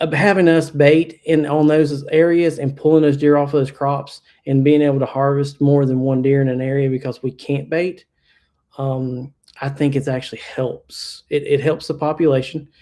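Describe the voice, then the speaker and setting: A man's voice: fairly high pitch, warm tone. A man from Kentucky, a hunter guest on a podcast, talking casually with lots of fillers and restarts. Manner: plainspoken, many fillers and restarts. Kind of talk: casual interview chat.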